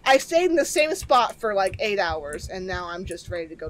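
A woman streamer giving sarcastic, excitable commentary while playing a game. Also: mid-range voice, normal speed, few pauses. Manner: excitable, sarcastic, swears and laughs a lot. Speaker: gaming streamer. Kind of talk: let's play commentary.

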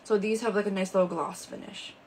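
A woman's voice: medium pitch, steady tone, brisk, darkish tone, slight background noise, rough recording. A woman hosting a live shopping stream, chatting casually and showing products with lots of fillers, indoors under a ring light.

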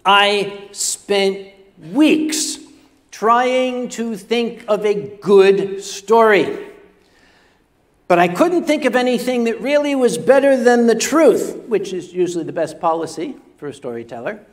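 A man's voice: sits high, expressive, takes it slowly. An older man telling a self-deprecating comic story on stage, stammering and repeating words as he goes. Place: convention stage before a live audience.

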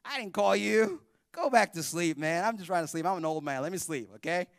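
A man's voice: high-pitched, expressive, a little fast, vocal fry, no echo, studio quality. A man voicing a sleepy, grumpy old priest who whines in casual slang about being woken up. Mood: annoyed. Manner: whiny, annoyed, casual slang.

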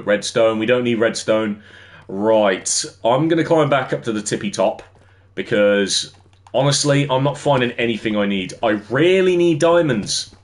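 A man's voice: medium pitch, moderate pace. A young English man chatting casually on a gaming livestream, rambling and answering his chat as he plays. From England. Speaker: streamer.

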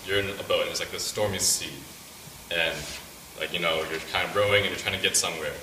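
A man's voice: low-pitched, steady tone, quick pace, pushed and bright, a little hiss or hum. A young man casually telling a personal faith testimony to a student group, rambling with many fillers. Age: young adult. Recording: echoey room picked up from a distance.

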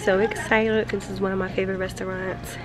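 Young woman vlogger, playful, chatty, loud music behind. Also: mid-range voice, level tone, fairly quick. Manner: playful, chatty, swears casually. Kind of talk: casual vlog chat. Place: restaurant.

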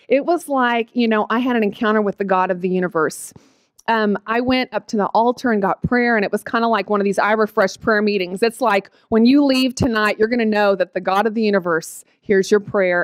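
This late-thirties woman from the Oklahoma panhandle, USA, speaks at a fairly high pitch with no echo. As a guest speaker offering her testimony, she gets emotional and occasionally tearful, chatting along with lots of fillers.

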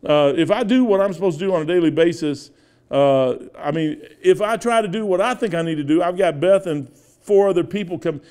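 Folksy older American preacher. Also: male voice, high-pitched, fairly quick, warm tone, smooth. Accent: American Midwest. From United States. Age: 60s. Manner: folksy, rambling storytelling with asides. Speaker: pastor. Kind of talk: sermon.

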